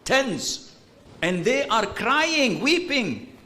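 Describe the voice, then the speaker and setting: A man giving an informal Islamic lecture, blunt and animated, with bursts of exasperated humor and Arabic religious terms in his English. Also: very high-pitched, very slow. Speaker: Islamic preacher. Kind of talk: informal lecture answering a question.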